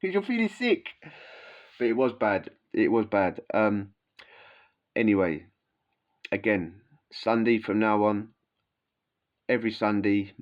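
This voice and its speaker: A man's voice: on the low side, steady tone, slow, pauses often, lo-fi sound. A man telling stories casually in a rambling, slangy way, full of fillers and asides. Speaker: vlogger recounting prison life. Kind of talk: casual storytelling.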